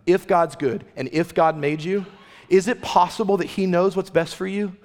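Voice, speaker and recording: Earnest male preacher in a reverberant hall. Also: a little high. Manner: earnest, conversational preaching with rhetorical questions. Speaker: pastor. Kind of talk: sermon.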